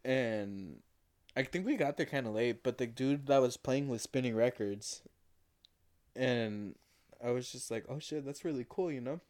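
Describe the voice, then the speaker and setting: A man's voice: mid-range voice, a little slow, a little mellow. Rambling, laughing young man. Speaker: podcast co-host. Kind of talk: casual chat.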